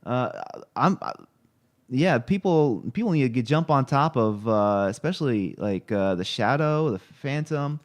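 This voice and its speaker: A man's voice: medium pitch, expressive, unhurried. A man streaming live, chatting casually and rambling with many fillers and restarts while he looks things up on screen.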